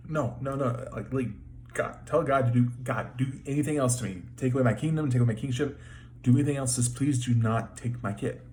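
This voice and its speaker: A man's voice: mid-range voice, brisk, darkish tone, pitched above the performer's own voice, close to an everyday voice. A man voicing an ancient king in a Bible retelling, frantic and pleading.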